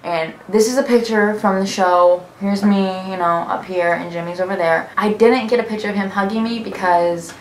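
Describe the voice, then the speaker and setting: A young woman vlogger telling a story in a gushing, excitable way, often breaking into laughter. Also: mid-range voice, moderate pace, few pauses, a little hiss or hum. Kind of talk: story time vlog. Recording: roomy echo, faint music.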